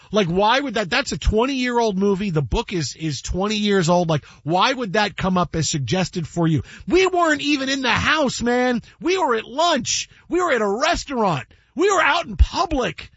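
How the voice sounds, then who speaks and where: A man hosting a casual sports talk show, telling animated stories and acting out his own quotes. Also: high-pitched, normal speed, few pauses, slightly rough, no echo, muffled recording.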